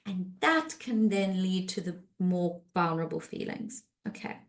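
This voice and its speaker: A woman therapist talking casually on a podcast, conversational with many fillers and restarts, and acting out quoted speech in lively voices. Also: fairly low pitch, normal speed, hardly any pauses.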